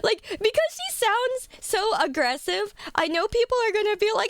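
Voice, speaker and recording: A woman's voice: extremely high pitch, sing-song, a little fast, hardly any pauses, no room sound, studio quality. A woman streaming live, chatting casually and giggling often, with a casual habit of swearing.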